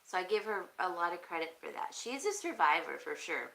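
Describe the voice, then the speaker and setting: A woman hosting a casual live stream, chatting and reading viewer comments aloud, thinking out loud with frequent pauses and fillers. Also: lowish voice, expressive, gravelly, poor audio. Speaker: crafting channel host.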